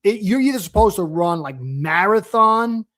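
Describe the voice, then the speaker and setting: A talkative male host keeps the chat lively and pokes fun at himself. His voice sits high for a man. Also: moderate pace, no echo. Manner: chatty and animated, self-deprecating, breaks into laughter. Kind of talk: casual chat.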